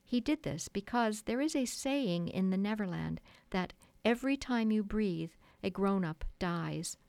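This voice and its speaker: A woman reading a children's classic aloud in a measured, expressive storytelling manner. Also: mid-range voice, creaky, dry recording. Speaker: audiobook narrator. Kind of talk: scripted narration. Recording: dry close studio sound.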